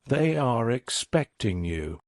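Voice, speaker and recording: A man doing a suave gentleman-burglar. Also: mid-range voice, big pitch swings, vocal fry, dry recording, studio quality, full character voice. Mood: courteous. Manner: polite, measured, courteous.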